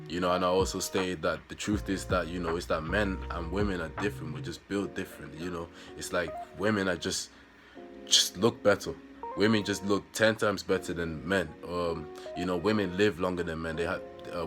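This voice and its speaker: A young man tells a story in a loose, rambling way, leaning on fillers. His voice sits low, and guitar music plays clearly behind him. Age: young adult. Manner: rambling, heavy use of "you know" and "bro". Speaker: vlogger. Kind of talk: casual storytelling.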